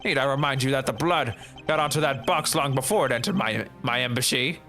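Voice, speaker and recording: A man voicing a scheming older male ambassador villain in a game, gloating and pompous with soft chuckles. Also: medium pitch, brisk, soft background music. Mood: smug. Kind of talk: fan voice acting of a game.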